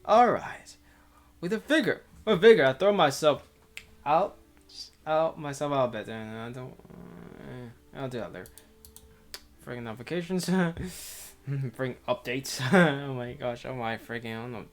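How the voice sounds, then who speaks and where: In an expressive, medium-pitched voice at a measured pace, a streamer works through a visual novel aloud with commentary. The read-through is casual and giggly, with stumbles and restarts between chat.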